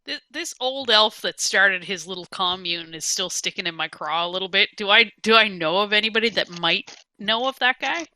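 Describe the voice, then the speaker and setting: A woman playing a tabletop game, talking in a chatty, rambling way. Her voice is very bright and sharp. The sound is dry and close. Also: mid-range voice, animated, normal speed, hardly any pauses, dry recording. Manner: chatty, rambling, laughs often. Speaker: player. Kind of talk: casual tabletop game chat.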